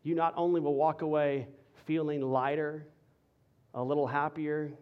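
A male pastor preaching a sermon to his congregation, conversational and energetic, shifting into a soft, earnest intensity. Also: a little high, normal speed, clear, resonant tone, muffled recording.

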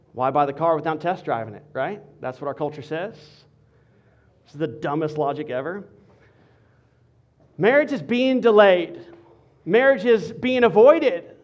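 A man preaching as a pastor, playful and animated, joking with the congregation between serious points. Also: a little high, lo-fi sound. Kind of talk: sermon with humor.

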